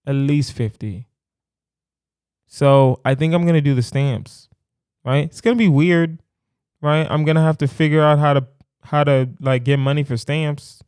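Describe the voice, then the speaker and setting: A young male comedian talks alone into a close podcast mic, loose and playful, musing out loud in circles. His voice sits in a middle register. The sound is dry, with no room around it. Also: mid-range voice, clear, resonant tone, no echo. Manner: playful, rambling, thinks aloud with lots of "right?". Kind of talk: solo podcast monologue.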